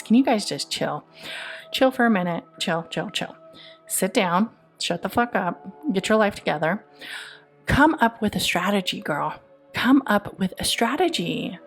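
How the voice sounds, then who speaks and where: A woman hosts a casual tarot reading podcast, with a voice that sits in the middle of the female range. She scolds her listeners bluntly and swears constantly, with laughs breaking in between lines. Faint music plays under her voice. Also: medium pitch. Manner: blunt, profane, scolding tough-love talk. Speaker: podcast host and tarot reader.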